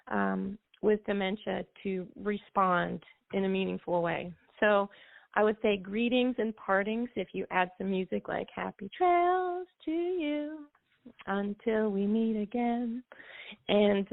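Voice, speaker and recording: A woman's voice: mid-range voice, vocal fry, dry recording. A woman music therapist explaining things at length in easy flowing talk, with a few fillers, as a guest on a call-in show. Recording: dry phone line.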